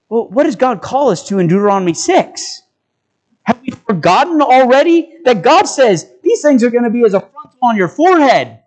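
A man delivers a sermon in a notably high voice. He talks earnestly and exhorts his listeners with a run of rhetorical questions. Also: very animated, moderate pace, low-quality recording. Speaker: preacher.

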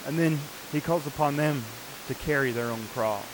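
A man's voice: medium pitch, moderate pace, noisy background. A man preaching a sermon, earnestly explaining scripture passages in a teaching manner.

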